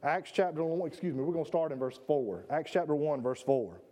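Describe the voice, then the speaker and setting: A man's voice: fairly high pitch, expressive, brisk, mellow. A man preaching a sermon to his congregation in a church sanctuary, emphatic, often repeating words and asking questions of his listeners. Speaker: pastor.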